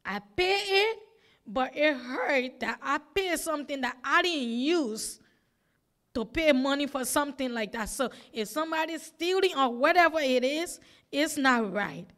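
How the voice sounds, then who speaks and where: A woman testifying at a public hearing in a fairly high voice. She is a single mother, and she talks in an earnest, pleading, emphatic way. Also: expressive, unhurried, fairly bright tone. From United States.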